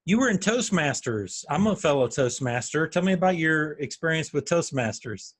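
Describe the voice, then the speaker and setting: A man hosting a podcast interview, asking questions in a measured way with some hesitant fillers. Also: a little high, animated. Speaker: podcast host.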